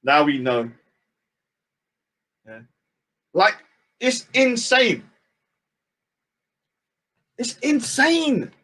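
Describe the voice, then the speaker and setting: A man hosting a live stream, ranting and mocking, swinging between shouts and low mutters. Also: wildly swooping pitch, drawn-out words, pauses often.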